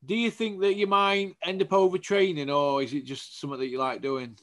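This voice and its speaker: A man's voice: high voice, level tone, fairly quick, a bit bright. A man hosting his channel, asking a boxer loose, informal questions. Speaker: interviewer, channel host. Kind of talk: casual interview.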